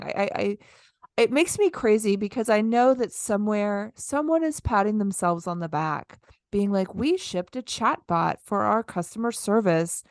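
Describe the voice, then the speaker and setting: A woman co-hosting a casual podcast chat, animated and exasperated, acting out lines with big jumps in her voice. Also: mid-range voice, dry recording, studio quality. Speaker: podcast co-host.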